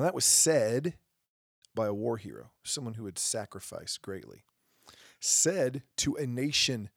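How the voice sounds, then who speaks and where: A man's voice: mid-range voice, gravelly, slightly rough, no room sound, studio quality. A man hosting a podcast, giving an impassioned opinion monologue with mocking asides. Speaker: podcast host.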